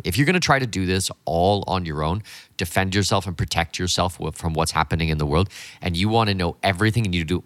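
A man in his forties hosting a solo podcast, talking with blunt enthusiasm in a voice gone hoarse from a week of speeches. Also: sits low, a bit bright, dry recording. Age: 40s. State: hoarse, half lost voice. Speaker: podcast host.

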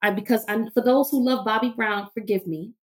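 Emphatic, high-voiced woman guest. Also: steady tone, a little fast. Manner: emphatic, preacher-like repetition. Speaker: therapist and minister, podcast guest. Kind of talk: conversational interview.

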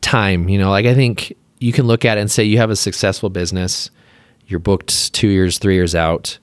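Low-voiced man rambling with fillers. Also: fairly even intonation, normal speed, dry recording. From Utah, US. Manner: rambling, many fillers, openly emotional. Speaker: plastic surgeon guest. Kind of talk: casual podcast conversation.

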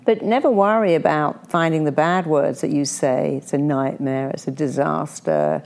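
A woman with a low voice and a gravelly, creaky edge speaks as a podcast guest. Her tone is dark and mellow as she chats and tells stories. She acts out the people she quotes with lively shifts. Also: moderate pace. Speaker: guest, coach with clients. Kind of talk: conversational podcast storytelling.

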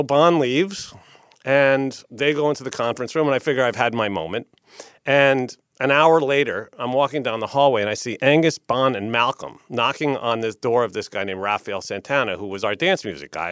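Fast, profane storyteller man, dry close mic, keeps asking "right?". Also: mid-range voice, fairly bright tone, no echo. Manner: profane, tags lines with "right?". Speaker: record label executive, interview guest. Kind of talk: animated storytelling in casual interview.

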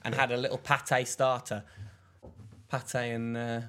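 A man's voice: mid-range voice, flat delivery, measured pace, fairly bright tone, clear, resonant tone. A young English man on a casual podcast, telling a rambling story and mimicking other people's voices as he goes. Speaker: podcast co-host. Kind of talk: casual chat.

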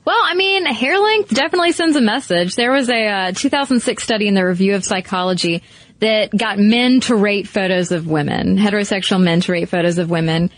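An animated woman co-host chatting casually at a middle pitch. She peppers her talk with "like". The recording is dry and close. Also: a little fast, no echo. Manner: animated, lots of "like" fillers. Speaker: podcast co-host. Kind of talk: casual chat.

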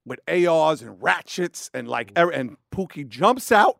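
Middle-aged man, casual story, cursing, raised pitch, dry close sound. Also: a little slow, gravelly, no room sound. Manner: profane, animated, acts out voices. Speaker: guest telling a story.

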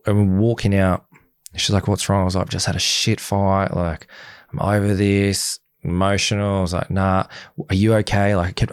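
A man's voice: sits low, moderate pace, no echo. A young man being interviewed, casually recounting events, acting out quoted dialogue and swearing often. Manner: animated retelling, acts out quoted dialogue, frequent swearing. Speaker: guest, former reality show contestant.

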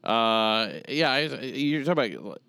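A man's voice: medium pitch, animated, a little slow, bright, forceful tone, smooth, no room sound. A man hosting a podcast in casual chat, blunt and profane, rambling with plenty of fillers. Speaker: podcast host.

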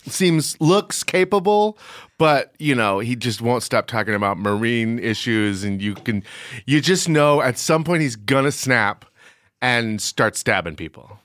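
A man's voice: mid-range voice, lively intonation, a little slow, fairly bright tone, dry recording, clean studio sound. A man co-hosting a podcast, recapping a reality show in crude joking banter and slipping into mocking impressions. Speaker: podcast co-host.

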